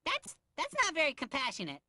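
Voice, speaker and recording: A man voicing a goofy, excitable male cucumber who talks in a silly, dramatic way and is quick to panic. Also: very high-pitched, no echo, studio quality, heavily acted. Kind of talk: cartoon voice acting.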